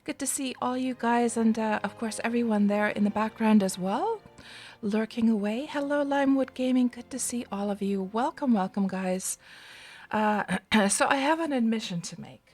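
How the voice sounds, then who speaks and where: A woman hosting a casual game livestream, chatty and greeting viewers by name, her voice still groggy and rough from just waking up. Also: fairly high pitch, normal speed, a little mellow. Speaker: livestream host.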